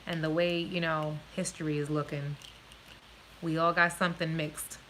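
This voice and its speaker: A woman's voice: deep voice, little pitch movement, normal speed, fairly bright tone, a little hiss or hum, low-quality recording. A woman with a New Jersey accent, born in Puerto Rico, chatting frankly and swearing freely on a live stream with viewers. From born in Puerto Rico, raised in New Jersey. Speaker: vlogger answering live viewer questions. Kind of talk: casual live-stream chat.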